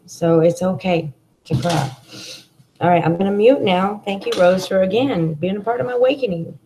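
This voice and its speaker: A woman's voice: medium pitch, normal speed, noisy background. A woman hosting a livestream chat, talking in an effusive, heartfelt, spiritual way over a video call. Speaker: livestream host. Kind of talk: emotional live chat.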